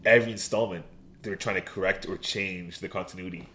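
A man with a somewhat low voice co-hosts a casual podcast chat. He is agreeable and easygoing, often chiming in to back up his partner before adding his own take. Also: fairly even intonation, fairly quick, a bit bright, a little hiss or hum. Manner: agreeable, frequent "yeah" and "right". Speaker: podcast co-host.

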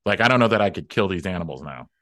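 A man with a lowish voice plays a flustered, incredulous farmer in an improv comedy scene. The recording is dry and close. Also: animated, very fast, fairly bright tone, dry recording. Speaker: improv performer, farmer character.

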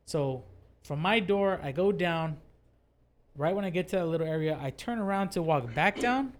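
A man's voice: on the high side, moderate pace. A man hosting a casual podcast at his house, telling ghost stories and swearing freely. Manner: swears freely, animated storytelling. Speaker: podcast host. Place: his own two-story house.

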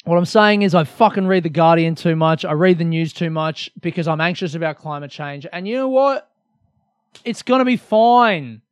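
A man's voice: fairly high pitch, normal speed, smooth, no room sound. A young Australian man hosting a solo comedy podcast, rambling energetically with lots of swearing and self-mockery.

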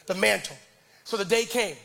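High-pitched, gravelly animated preacher. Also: male voice, moderate pace, slight background noise. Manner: animated, self-deprecating, stammering restarts. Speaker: pastor. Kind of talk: sermon with personal storytelling.

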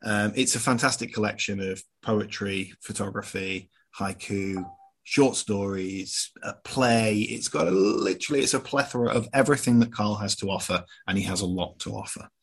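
A British man presenting a radio show and chatting casually with his guest, relaxed and full of fillers. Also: lowish voice, normal speed, slightly rough.

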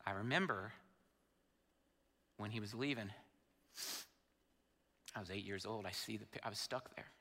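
A man's voice: fairly low pitch, normal speed, long pauses, bright, forceful tone. A man in his fifties, a pastor telling an emotional personal story in a sermon. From Indiana, USA. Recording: long hall reverb.

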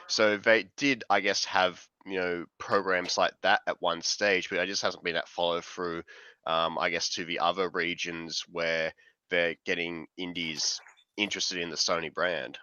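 A man's voice: low-pitched, level tone, measured pace, pushed and bright, clean tone, no echo, highs cut off. A man chatting on a podcast panel, giving loose, opinionated takes padded with fillers. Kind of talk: casual panel discussion.

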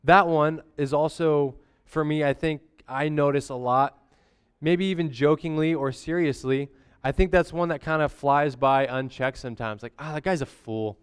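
A man's voice: fairly high pitch, steady tone, moderate pace, clean tone. A young adult man giving a casual, conversational sermon as a pastor, using slang and frequent "amen?" asides.

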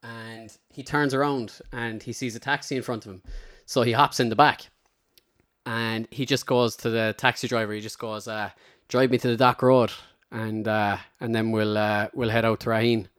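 A man's voice: medium pitch, level tone, moderate pace, fairly bright tone, smooth. Irish man telling a rambling story. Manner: rambling storyteller, slips into character quotes. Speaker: podcast host. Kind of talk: casual anecdote telling.

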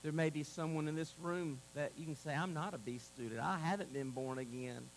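A man preaching a sermon to a congregation, moving between loud exclamations and a hushed altar call. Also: on the high side, fairly quick, creaky, few pauses, slight background noise, poor audio. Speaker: pastor. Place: church sanctuary.

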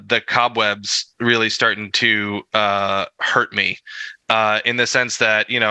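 A man's voice: on the low side, bright, forceful tone, dry recording. A man co-hosting a casual podcast about tabletop gaming, rambling with lots of fillers and self-deprecating chuckles. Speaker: podcast co-host.

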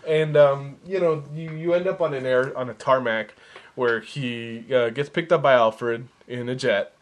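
A man's voice: mid-range voice, fairly even intonation, measured pace. A man co-hosting a casual movie podcast, recapping plot with many restarts and repeated words. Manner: hesitant, repeats words while explaining plot. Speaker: podcast co-host.

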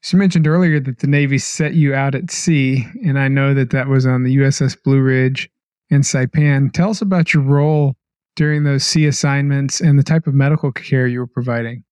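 A man's voice: mid-range voice, fairly even intonation, brisk, darkish tone, clear, resonant tone, no echo. A man from Georgia hosting a podcast, asking plain, direct interview questions. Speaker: podcast host.

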